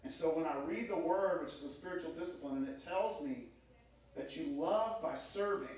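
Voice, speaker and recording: A middle-aged man delivers a sermon as pastor, storytelling and acting out quoted voices in a church sanctuary. His slightly high, slightly mellow voice keeps a moderate pace, and the distant mic picks up an echoey room.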